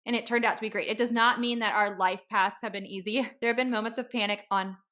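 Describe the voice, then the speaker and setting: A woman's voice: mid-range voice, steady tone, fast talker, sharp tone. A woman in her thirties hosting a podcast, telling a story in a casual, chatty way and acting out what people said. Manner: chatty storytelling, acts out quoted dialogue. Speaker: podcast host.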